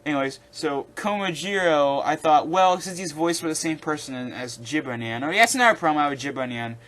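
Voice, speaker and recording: A man's voice: fairly high pitch, animated, brisk, fairly bright tone. A young man hosting his own video, ranting casually and with exasperation, rambling with restarts. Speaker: video host.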